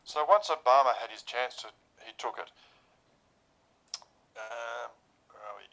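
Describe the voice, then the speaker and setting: A man co-hosting a casual radio show, making dry wisecracks and reading stories out haltingly. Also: mid-range voice, bright, forceful tone, poor audio. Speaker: radio co-host.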